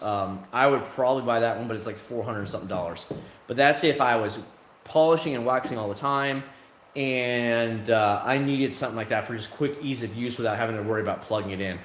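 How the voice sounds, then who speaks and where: A man's voice: mid-range voice, fairly bright tone, reverberant, a little hiss or hum. A man hosting a livestream, chatting casually with viewers in a candid, rambling way full of fillers, outside his home. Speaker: livestream host. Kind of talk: casual chat answering viewers.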